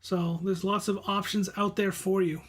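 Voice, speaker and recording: A relaxed man with a Boston accent hosts a live stream and chats with his viewers. His voice sits high but stays level, with little rise and fall. He often restarts and repeats words as he answers. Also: normal speed. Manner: reads viewer comments aloud and answers them; laid-back, friendly, repeats words and restarts. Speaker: livestream host reading chat. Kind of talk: casual live chat.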